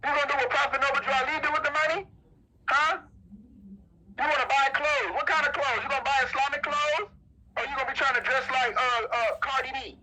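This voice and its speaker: Very high-pitched, sharp-voiced male preacher. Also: fairly even intonation, fairly quick, low-quality recording. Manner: emphatic, repetitive, questions the audience. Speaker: preacher at a religious meeting. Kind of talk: sermon with rhetorical questions.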